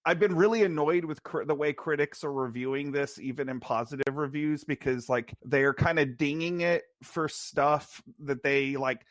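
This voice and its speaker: A man's voice: a little high, normal speed, few pauses, dry recording, studio quality. A man co-hosting a podcast and discussing a film in a casual, rambling way, with many fillers and restarts. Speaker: podcast co-host.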